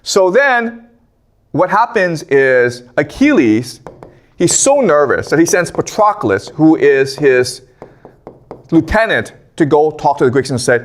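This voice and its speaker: A male history lecturer retelling an ancient epic to a class in a casual, animated way. His fairly high voice swings widely in pitch, and he often breaks off to check in with listeners. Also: slow pace. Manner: animated storytelling with casual slang and frequent "okay?".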